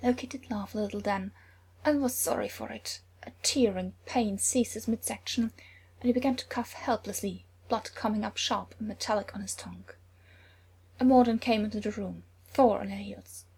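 A woman narrating a story aloud with a husky, breathy voice. She reads dramatically, often sinking into a near whisper. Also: mid-range voice, moderate pace, a little mellow. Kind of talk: reading fan fiction aloud.

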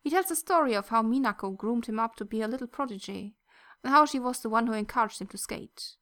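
A woman narrating a fan fiction story in a soft, gentle reading voice that at times drops close to a whisper. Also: on the high side, fast.

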